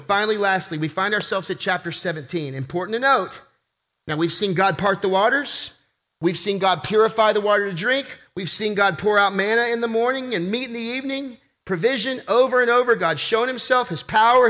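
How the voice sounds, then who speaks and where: A man's voice: sits high, bright, forceful tone. A man preaching a sermon as pastor, impassioned, rising and falling for emphasis.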